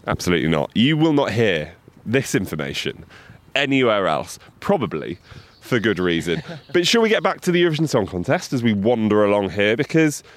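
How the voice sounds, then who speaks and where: Lively, playful male podcast host. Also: on the low side, fairly quick, a little hiss or hum. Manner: playful, lively, reeling off facts. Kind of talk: casual chat. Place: outdoors by a river.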